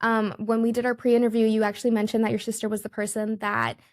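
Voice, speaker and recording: A woman's voice: a little high, level tone, fast talker. A woman hosting a podcast interview, affirming her guest and leaning on filler words like "you know". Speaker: podcast host. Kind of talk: interviewing conversationally.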